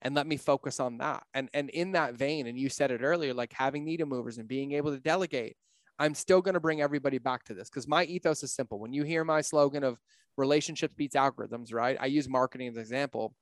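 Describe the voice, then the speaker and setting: A man in his thirties, a business coach appearing as a podcast guest, talks bluntly and candidly, cursing freely in casual conversation. His mid-range voice moves fast, and the recording is dry and studio quality.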